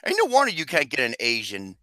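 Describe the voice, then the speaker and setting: A man hosting a movie podcast in loud, excitable, teasing banter. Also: medium pitch, a little fast, a little hiss or hum. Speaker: podcast host.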